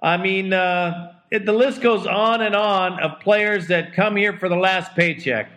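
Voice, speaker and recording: A man's voice: high voice, a little slow, a bit bright. A man hosting a fan talk show, commenting in a laid-back, wry way. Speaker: host.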